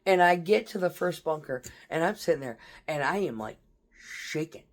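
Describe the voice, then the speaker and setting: This deep-voiced woman speaks quickly with lively intonation. A military veteran, she tells casual, profanity-laced stories from her tours, laughing even as she describes tense moments.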